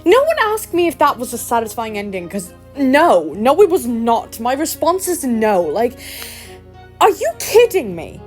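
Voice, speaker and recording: A woman's voice: fairly high pitch, very animated, unhurried, soft background music. A young woman reacting with exasperated emotion to a story game, laughing often. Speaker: game streamer.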